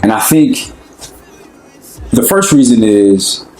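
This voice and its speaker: A young American man with an African American accent, talking casually and relaxed about his own experiences, with lots of slang. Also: mid-range voice, slow, echoey room, soft background music, poor audio. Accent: African American English. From United States. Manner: relaxed, conversational, slangy, often asks "you know what I'm saying". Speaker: interviewee. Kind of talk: casual personal talk.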